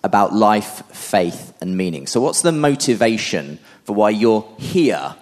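A man moderating a live debate, courteous and halting, often stumbling over his words. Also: lowish voice, big pitch swings.

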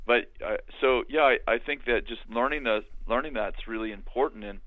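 An older man telling his story in a halting, conversational way, with many restarts, as a guest on a remote call. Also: mid-range voice, no echo. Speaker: guest, author and minister. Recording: tinny phone-like line.

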